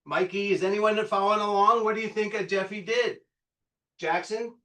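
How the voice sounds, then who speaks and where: A man in his fifties leading a live real estate training workshop, excitable and loud, quizzing the room and swearing freely. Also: high-pitched, moderate pace. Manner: excitable, loud, bursts into yelling; quizzes the audience, punchy and profane. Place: meeting room with a live audience. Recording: echoey room, picked up from a distance.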